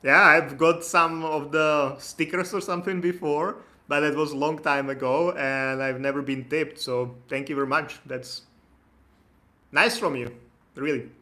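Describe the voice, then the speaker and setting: A man from the Republic, hosting a casual live-stream Q&A. He is chatty and relaxed, laughs easily, and reads viewer comments aloud. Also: on the high side, unhurried. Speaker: immigration consultant hosting a live Q&A.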